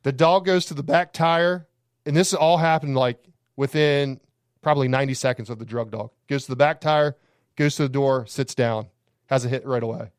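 A man's voice: mid-range voice, fairly even intonation, moderate pace, smooth, dry recording, clean studio sound. A man, a campground owner, telling rambling, profane stories on a podcast. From Alabama. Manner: rambling, profane, laughing anecdotes. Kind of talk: casual podcast storytelling.

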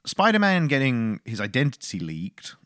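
A man co-hosting a casual film review podcast, animated and quick to laugh, often slipping into brief mock voices. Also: mid-range voice, dry recording, studio quality. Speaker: podcast co-host.

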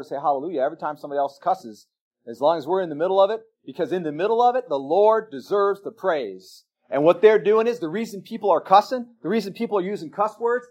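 A man preaching a sermon, telling a story with emphatic swings between loud exclamations and quiet asides. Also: sits high. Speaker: pastor.

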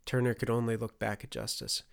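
A man reading a fantasy audiobook as its narrator, in steady, measured scripted storytelling. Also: medium pitch, creaky, smooth.

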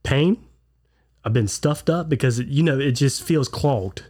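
A man's voice: medium pitch, unhurried, a little mellow, slightly rough. Stuffed-up man telling stories. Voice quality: congested. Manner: storytelling, acts out quotes. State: stuffed up, clogged ear. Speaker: podcast co-host. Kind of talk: casual chat.

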